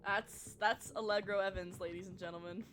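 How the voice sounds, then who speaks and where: A woman playing a tabletop game with friends, talking excitedly with lots of fillers and giggles. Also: medium pitch, fairly quick, slight background noise. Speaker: player.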